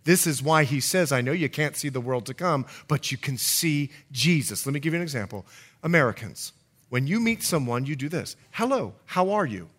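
A man from the Bahamas, a pastor with a Bahamian accent softened by years in the US, preaching an evening sermon and calling out to his congregation. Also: mid-range voice, brisk. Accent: Bahamian, softened by long US residence. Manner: animated preaching with call-and-response to the congregation.

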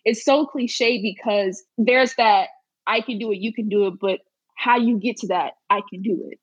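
A woman's voice: a little high, normal speed, breathy edge, no echo, lo-fi sound. A woman guest talking earnestly and emphatically in a casual interview, repeating her phrases for weight.

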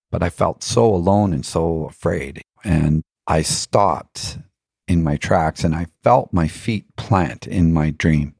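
A man's voice: sits low, measured pace, vocal fry, darkish tone, breathy edge, dry recording, clean studio sound. A middle-aged man telling his own story on a podcast, earnest and reflective, often laughing and acting out other voices. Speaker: podcast guest.

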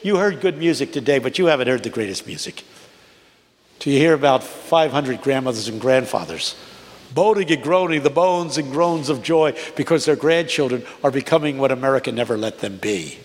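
Lively eighty-year-old preacher in a church hall. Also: male voice, brisk. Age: 80s. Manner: rhythmic preaching cadence, rising to high emphatic peaks. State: unwell. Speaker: guest preacher. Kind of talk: sermon with storytelling. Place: large church. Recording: long reverb of a large church.

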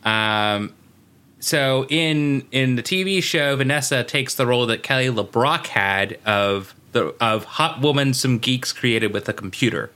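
A man co-hosting a casual podcast, running through trivia with a bright, forceful voice. He piles on asides and filler words as he goes, in relaxed, chatty talk. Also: medium pitch, unhurried. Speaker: podcast co-host. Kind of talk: casual chat.

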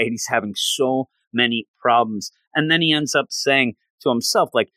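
A man casually and excitedly recapping a story chapter by chapter, chatty and gushing. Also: medium pitch, moderate pace, dry recording. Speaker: manga reviewer.

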